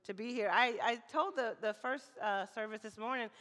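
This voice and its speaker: A woman from Mississippi preaching as a guest speaker, chatty and lively, often calling for amens, her voice slightly hoarse. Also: a little high, normal speed. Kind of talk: sermon. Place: church hall. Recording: church hall reverb.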